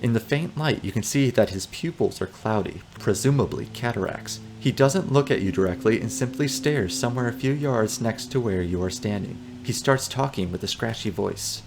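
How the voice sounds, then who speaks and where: A man's voice: medium pitch, moderate pace, gravelly, hardly any pauses, a little mellow, faint music behind. A man playing a text adventure, reading the narration aloud and adding amused, joking asides. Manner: amused, joking asides between read passages. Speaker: let's player.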